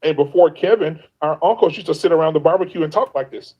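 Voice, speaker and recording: A man's voice: a little high, quick pace, breathy edge, muffled recording. A man speaking as a guest on a livestream, earnest and emphatic, often restarting his sentences. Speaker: guest on a livestream, content creator. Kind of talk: casual livestream chat.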